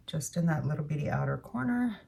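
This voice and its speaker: A woman's voice: low-pitched, expressive, fairly quick, gravelly, darkish tone, husky, distant mic. A woman beauty vlogger talking casually through her makeup routine, rambling and correcting herself with murmured asides. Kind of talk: casual makeup tutorial chat.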